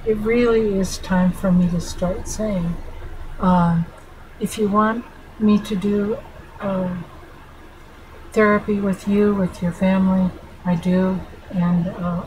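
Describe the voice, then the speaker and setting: A middle-aged woman with a mid-range voice talks over background noise. She is a family therapist who hosts a channel, and in this heartfelt direct-to-camera vlog she speaks to viewers earnestly and affectionately.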